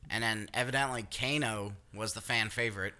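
A man's voice: lowish voice, steady tone, a little fast, sharp tone. A man co-hosting a casual podcast chat, rambling, laughing and dropping into silly voices. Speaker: podcast co-host.

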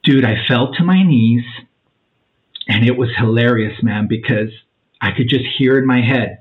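Man in his forties, podcast guest, casual animated storyteller, mid-pitched voice, thin phone-like sound. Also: moderate pace. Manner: animated storyteller, acts out quotes, says "man" and "dude" a lot. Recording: tinny phone-like line.

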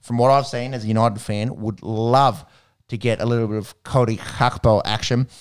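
Australian male host, smooth, clear voice, chatty, slangy rambling delivery for sports banter. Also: medium pitch, steady tone, normal speed. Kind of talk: casual sports chat.

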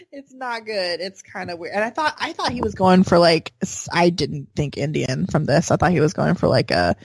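A woman's voice: on the low side, expressive, moderate pace, husky, no echo. A woman co-hosting a podcast in casual, chatty conversation, laughing often. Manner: giggly, chatty, lots of fillers. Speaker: podcast co-host. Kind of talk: casual chat.

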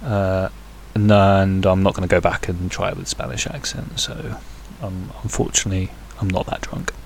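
Man, podcast host, lowish voice, halting, filler-heavy, swears and jokes. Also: fairly even intonation, gravelly, a little hiss or hum. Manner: rambling, hesitant with many fillers, crude jokey asides. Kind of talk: casual solo podcast chat.

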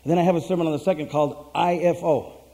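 A man's voice: fairly high pitch, fairly even intonation, fast talker, warm tone. A man preaching in a loose, rambling storytelling way, with many fillers and restarts and acted-out quotes, speaking to his church. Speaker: pastor. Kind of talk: casual sermon storytelling.

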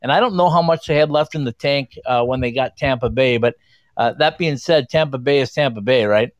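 A man's voice: medium pitch, fairly quick, dry recording, lo-fi sound. A man hosts a casual sports interview, putting direct questions to his guest with a few fillers. His voice sounds dry and close to the microphone. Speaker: interview host.

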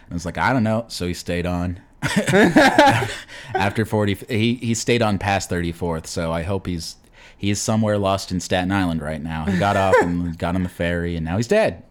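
A man's voice: low voice, steady tone, normal speed. A man ranting profanely in casual chat as a podcast co-host.

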